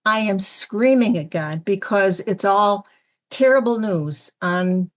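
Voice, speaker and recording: Woman storyteller from upstate New York, lively with the quoted voices. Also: mid-range voice, slow. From Syracuse, New York area. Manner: animated storyteller acting out quoted lines. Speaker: medium, panel guest. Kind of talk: storytelling on a panel podcast.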